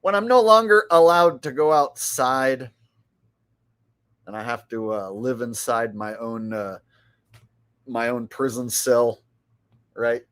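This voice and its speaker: A man's voice: medium pitch, slow pace, pauses often, a bit bright, clean tone. A middle-aged man giving rambling, mocking commentary on his live stream. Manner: rambling, mocking, with filler words.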